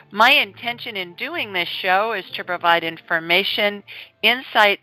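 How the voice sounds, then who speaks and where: A woman's voice: fairly low pitch, pushed and bright, no room sound, rough recording. A middle-aged woman, hosting a podcast in a chatty, upbeat way. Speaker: host. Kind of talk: casual chat.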